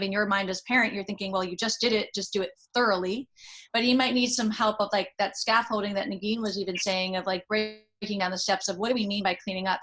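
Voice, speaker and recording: Measured woman psychologist coaching a parent. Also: mid-range voice, a bit bright, rough recording. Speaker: child psychologist advising a parent. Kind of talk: supportive advice.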